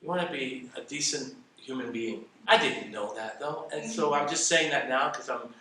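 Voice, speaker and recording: An older man from England telling stories about his early career in a relaxed, self-deprecating way. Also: mid-range voice, normal speed, a little hiss or hum. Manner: reflective, self-deprecating storyteller. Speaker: interview guest, salon educator. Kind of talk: casual storytelling interview. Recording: echoey room, mic at a distance.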